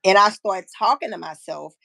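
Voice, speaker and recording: A woman in her fifties hosting a live stream, telling a personal story in a frank, profane, animated way and acting out what people said. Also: mid-range voice, normal speed, gravelly, no room sound. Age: 50s. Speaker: livestream host. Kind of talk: casual storytelling chat.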